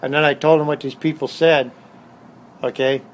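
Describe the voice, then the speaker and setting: Sitting a little high with little pitch movement, a middle-aged man's Southern Californian voice moves at a moderate pace as he tells blunt, streetwise stories and hammers points through repetition. The casual interview takes place in his motorcycle shop, with a faint ambient hum on a rough recording.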